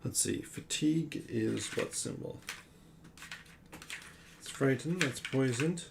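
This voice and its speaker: A man plays through a board game alone, musing aloud about rules and tokens and mocking himself now and then. He reads the story passages in a middling voice, neither high nor low. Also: takes it slowly, creaky, background noise. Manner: muses aloud, self-mocking asides. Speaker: board game player and host.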